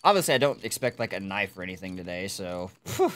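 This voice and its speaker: A young adult streamer chatting casually while opening game cases, swearing and yelping loudly when excited. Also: low-pitched, fast talker, a little hiss or hum. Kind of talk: casual live-stream commentary.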